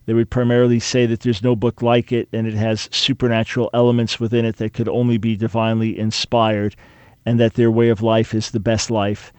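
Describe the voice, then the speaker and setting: A man's voice: on the low side, level tone, fairly quick, darkish tone, smooth, no echo. A man hosting a live talk radio show, speaking with an earnest, emphatic, preacher-like cadence. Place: radio studio. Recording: dry studio mic.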